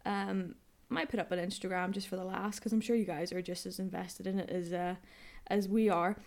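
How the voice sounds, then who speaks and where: A woman telling a story in casual chat, animated and laughing often. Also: medium pitch, brisk, creaky.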